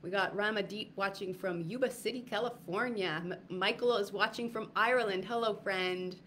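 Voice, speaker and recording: A woman's voice: mid-range voice, moderate pace, fairly bright tone, a little hiss or hum. A woman giving a casual livestream talk to viewers, rambling with many fillers and restarts. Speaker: wellness retreat speaker.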